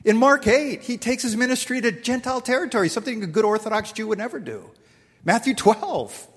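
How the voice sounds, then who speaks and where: Man, middle-aged, sermon, high voice, big echoing hall, storytelling, acts out dialogue. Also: expressive, brisk, breathy edge. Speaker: pastor.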